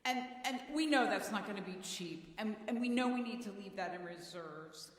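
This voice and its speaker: A woman's voice: medium pitch, animated, normal speed. A woman leading a congregational meeting, chatty and stumbling over her words now and then. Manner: chatty, with false starts. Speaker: meeting leader from the church council. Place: church hall. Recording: roomy, echoey church hall.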